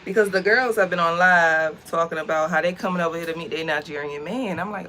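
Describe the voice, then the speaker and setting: An American young woman with a fairly low voice talks a little fast while vlogging outdoors. She tells a story in a chatty, animated way full of slang, with some background noise around her.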